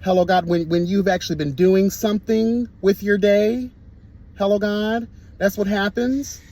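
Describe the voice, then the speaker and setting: Man, high-pitched voice, flamboyant, sassy commentary, dramatic, cussing, online reviewer. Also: steady tone, a little slow, a little mellow, poor audio. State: sweaty from the gym.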